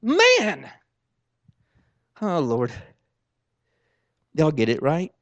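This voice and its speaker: A man preaching a sermon, swinging between soft asides and loud exclamations in a folksy, informal way. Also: fairly high pitch, animated, brisk, no echo, highs cut off.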